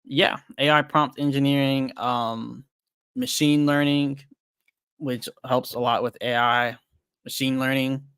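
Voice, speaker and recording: On his crypto trading livestream, a young host chats casually and reads out viewer comments, thinking aloud with many "um"s, "like"s and restarts. He's frank and somewhat self-deprecating, speaking slowly at a middling pitch with fairly even intonation. The sound is clean, dry and close, with no room around it.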